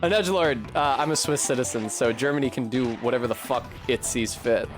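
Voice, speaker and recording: A man's voice: medium pitch, fairly quick. Sardonic rambling young man streaming. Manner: rambling, sardonic, swears freely. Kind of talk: casual chat while playing a video game. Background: faint game music.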